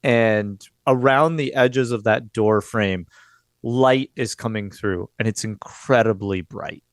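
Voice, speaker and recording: A man narrating as game master of a tabletop game, describing scenes in a relaxed way. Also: lowish voice, slow, no echo.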